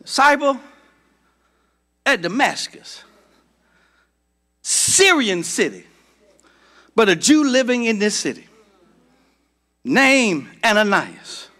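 A middle-aged man from Georgia preaching a sermon as pastor, building to shouts and calling out to the congregation. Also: high-pitched, very animated, takes it slowly, long pauses. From Georgia, United States.

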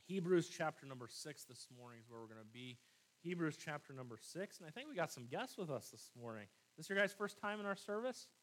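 A middle-aged man preaching a sermon in a small old church room, talking conversationally and turning emphatic and animated. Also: a little high, fast. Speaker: pastor.

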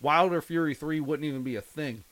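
A young man in casual chat, telling animated stories and laughing often. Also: on the high side, fairly quick, no echo.

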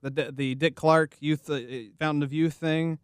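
Male podcast host with a higher, smooth voice, jokey and excitable, dry close mic. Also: measured pace, no echo. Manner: excitable, jokey, stumbles and restarts often. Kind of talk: casual chat. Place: podcast studio. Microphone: studio microphone.

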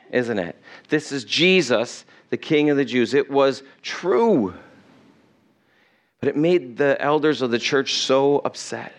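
A man's voice: fairly high pitch, fairly bright tone. A man preaching a sermon to his church in a conversational way, asking his listeners questions. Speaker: pastor.

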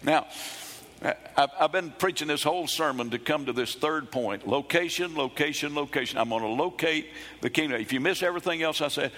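Middle-aged male preacher, bright ringing voice, emphatic and repetitive, church sermon. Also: fairly high pitch, fairly quick, long reverb tail. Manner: emphatic preaching, repeats phrases, bursts into shouts. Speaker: pastor.

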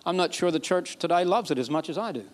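Man, pastor, sermon, emphatic, repeats phrases, slightly high voice. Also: fast talker. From Alabama, USA. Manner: emphatic preaching, repeats phrases, rising to excited peaks.

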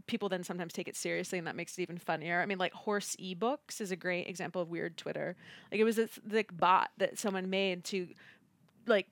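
A woman co-hosting a book podcast, chatting casually with quick asides and frequent laughter. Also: medium pitch, no room sound. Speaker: podcast co-host. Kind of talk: casual book-club chat.

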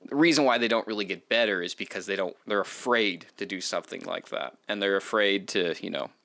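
A man with a low but bright voice hosts a casual interview. He circles around his questions with plenty of fillers. The sound is dry and close. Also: a little fast, vocal fry, no room sound. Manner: rambling, filler-heavy questions. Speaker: podcast host.

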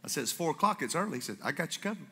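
Preaching to a congregation in a church sanctuary, this pastor brings his stories to life by performing each voice with lively energy. His fairly high voice has a breathy edge and comes rapid-fire through a stage microphone, echoing around the hall.

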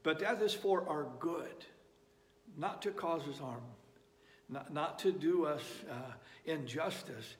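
A man's voice: fairly high pitch, takes it slowly. A man preaching a sermon, emphatic and repeating phrases for effect. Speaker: pastor. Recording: echoey hall reverb.

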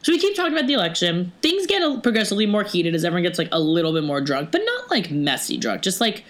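A young woman telling a story casually, animated and quick, with many "like" fillers and some swearing. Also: lowish voice. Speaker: podcast storyteller.

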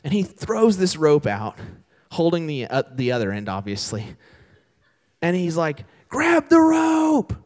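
Young male pastor, sermon, lively pitch, animated storyteller. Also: a little slow. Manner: animated storytelling with voiced characters. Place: church sanctuary.

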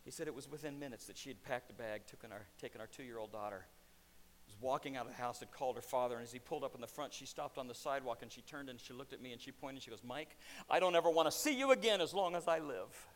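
A man preaching a sermon to a church, swinging from hushed, quiet passages to loud, driving ones. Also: mid-range voice, steady tone, racing. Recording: echoey hall reverb.

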